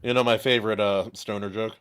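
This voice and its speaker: A man's voice: lowish voice, fairly even intonation, fast talker, a bit bright, smooth, dry recording, clean studio sound. A man hosting a casual podcast chat, telling corny jokes and laughing at them. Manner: jokey, laughs at his own puns. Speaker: podcast host.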